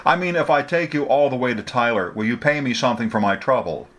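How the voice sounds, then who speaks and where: A man's voice: mid-range voice, quick pace, a bit bright, natural voice. A guarded young driver with a dry, wary edge, speaking close to the narrator's own voice, as a man reads him in a story. His lines sound slightly lifted but plainly everyday.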